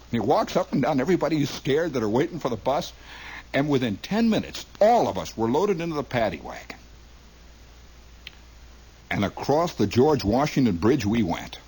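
A man's voice: medium pitch, very animated, moderate pace, a little mellow, husky, rough recording. A man comedian telling a rambling, mock-grand comic story and acting out the people in it. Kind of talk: stand-up storytelling monologue.

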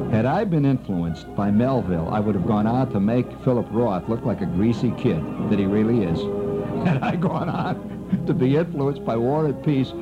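Wry storytelling man on old radio. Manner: rambling, wry, leaps high when excited. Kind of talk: animated spoken storytelling. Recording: dull lo-fi old radio recording.

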